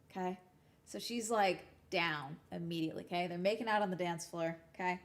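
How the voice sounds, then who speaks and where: A young woman talks to her stream in casual chat. She is blunt and swears freely. She tells her stories in an animated way, stopping often to check in with her listeners. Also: on the low side, moderate pace. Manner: blunt and profane, animated storytelling.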